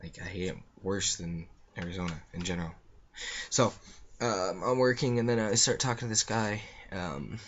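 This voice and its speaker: A man's voice: low-pitched, normal speed, dull audio, a little hiss or hum. A young man telling a story in a rambling, offhand way, with lots of fillers. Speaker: vlogger. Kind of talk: casual storytelling.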